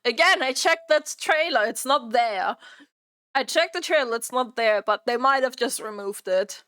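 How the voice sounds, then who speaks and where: A woman streamer chatting during a live reaction stream, exasperated and repeating her own phrases out loud. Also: fairly high pitch, expressive, normal speed.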